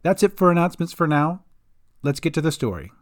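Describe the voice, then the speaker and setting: A man's voice: on the high side, very animated, brisk. Friendly man narrating a storybook podcast. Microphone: homemade setup.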